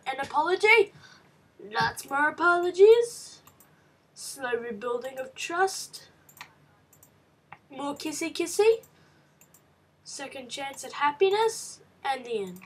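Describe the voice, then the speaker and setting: Woman gamer, high voice, unhurried delivery, slightly off-mic; excitable let's-play commentary. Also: recorded from a distance. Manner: excitable, reads game text aloud with reactions. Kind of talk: casual game commentary.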